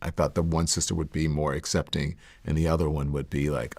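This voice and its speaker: Deep gravelly man in a candid interview. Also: little pitch movement, darkish tone. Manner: reflective, halting, many fillers and restarts. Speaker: interview guest.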